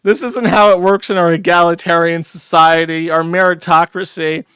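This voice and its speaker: A man's voice: a little high, fairly even intonation, moderate pace, sharp tone, smooth, no room sound. A man voicing an entitled woman baseball fan who rants self-righteously about a stolen ball. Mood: indignant. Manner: outraged, self-righteous ranting.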